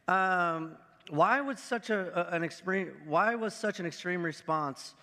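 A man's voice: high voice, measured pace, sharp tone, big-room sound. A man, a pastor with kids, giving a casual sermon and reading scripture aloud, talking loosely with lots of "like" fillers. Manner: conversational, many "like" fillers.

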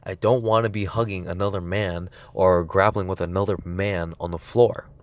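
A man's voice: moderate pace, no room sound. A young man casually retelling a wild night out, swearing a lot and rambling. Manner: excited, voice climbing high as the story peaks. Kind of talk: casual storytelling to camera.

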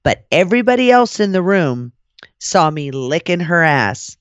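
A woman hosting a podcast, telling a story in casual chat, profane and animated, slipping into the voices of the people she quotes. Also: on the low side, normal speed, no room sound. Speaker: podcast host.

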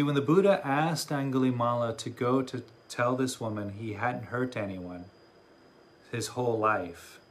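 A man who teaches meditation, giving a dharma talk and telling a story in a reflective way with many pauses. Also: medium pitch, slight background noise.

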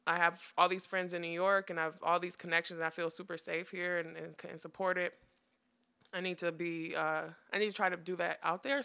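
Chatty young woman, bright gravelly voice. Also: lowish voice. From United States. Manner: chatty, laughing, wry storytelling. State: tired. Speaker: podcast host. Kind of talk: casual chat.

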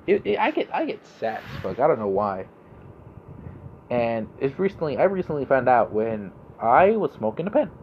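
A man's voice: medium pitch, big pitch swings, moderate pace, lo-fi sound, slight background noise. A young man hosting a casual monologue podcast, laid-back and rambling, swearing freely. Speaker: podcast host.

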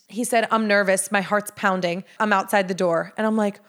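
A woman co-hosting a podcast, telling a story in casual chat, acting out quoted dialogue with big jumps in pitch, saying "like" a lot and swearing freely. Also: fairly even intonation, moderate pace, a bit bright. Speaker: podcast co-host.

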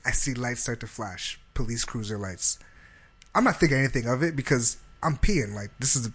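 A young man from Canada telling a profane, animated story in casual chat, acting out the dialogue. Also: medium pitch, moderate pace, husky.

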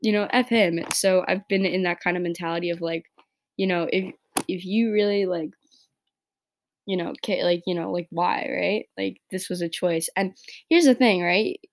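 A teenage girl from New York hosts a casual solo podcast with a slightly low voice. She rambles through her thoughts, padding nearly every phrase with "like" and checking in with "right?". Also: steady tone, moderate pace. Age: teens. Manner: rambling, heavy use of "like" and "right?". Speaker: podcast host. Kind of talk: casual personal podcast monologue.

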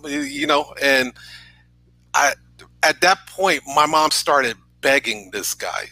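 Bright-voiced man telling a heartfelt story. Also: on the high side, unhurried, low-quality recording. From New York. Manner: earnest, tag questions with "right?". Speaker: podcast guest, entrepreneur. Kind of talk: emotional personal storytelling. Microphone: video call.

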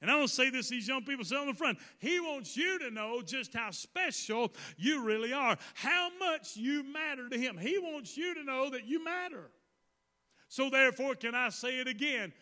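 A man preaches in a very high, piercingly bright voice, repeating key lines and calling on the room to say them back. His words ring out into the long reverb of a hall, and now and then he lifts into a shout. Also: expressive, moderate pace. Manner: repetitive call-and-response preaching, rising to shouts. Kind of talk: sermon.

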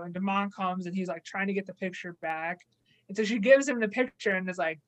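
A woman in relaxed conversation on a podcast, walking through a TV episode scene by scene. She talks at a middling pitch and slips into quick impressions of the characters' lines. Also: low-quality recording. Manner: animated storyteller, acts out quotes. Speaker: podcast co-host. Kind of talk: casual chat recapping a TV episode.

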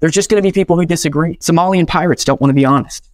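Young male keynote speaker, quick and animated, dry sound. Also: a little high, no echo. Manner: energetic, animated, acts out quoted dialogue. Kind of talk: motivational keynote storytelling.

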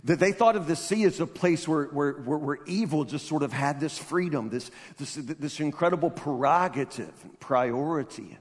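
A man's voice: fairly high pitch, animated, normal speed, hardly any pauses. A man preaching a sermon with emphatic delivery, often restarting and repeating words. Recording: long reverb of a large hall.

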